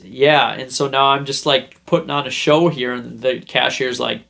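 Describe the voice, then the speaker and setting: A man's voice: medium pitch, fairly even intonation, moderate pace, vocal fry, hardly any pauses, fairly bright tone. A young man hosting a self-help video, chatting casually and rambling through a story he acts out. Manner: rambling, acts out scenes in put-on voices. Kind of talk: casual talk to camera.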